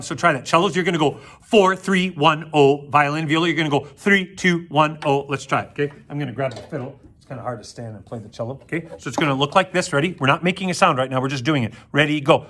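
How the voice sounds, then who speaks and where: A man's voice: fairly high pitch, fast, hardly any pauses, a bit bright, soft background music. A man teaching an orchestra video lesson to children, counting aloud, joking with them and demonstrating on string instruments. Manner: jokey, playful asides to kids. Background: plucked string instrument demonstrations.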